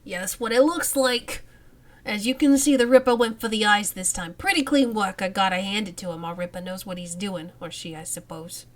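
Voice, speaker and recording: A woman voicing a gruff middle-aged male coroner in a role-playing game, reading his lines in a clipped, matter-of-fact way. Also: medium pitch, normal speed, natural voice.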